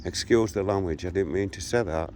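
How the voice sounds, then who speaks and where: A deep-voiced man in his 60s vlogs as he walks outdoors through a local park and streets, talking a little fast. He tells a story about an argument and animatedly re-enacts the street quarrel, with a little hiss or hum in the recording.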